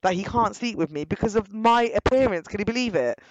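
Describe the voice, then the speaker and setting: A young woman, outspoken and animated, talking directly to her listeners in casual storytelling. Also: mid-range voice, fairly quick, dull audio, noisy background. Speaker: guest telling her story.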